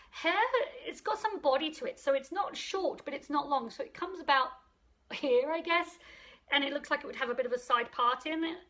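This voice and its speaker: A woman's voice: sits high, bright, forceful tone. A middle-aged woman, a psychic medium, chatting casually on a live stream into her phone, greeting viewers and answering their comments aloud.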